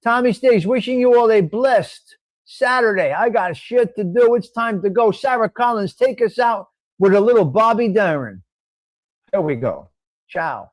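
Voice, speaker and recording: A man's voice: sits high, lively intonation, measured pace, no room sound. A man from North Jersey with a North Jersey accent, hosting a live stream in a blunt, profane, casual way. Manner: blunt and profane, reading out viewer names. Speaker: host of a live stream show.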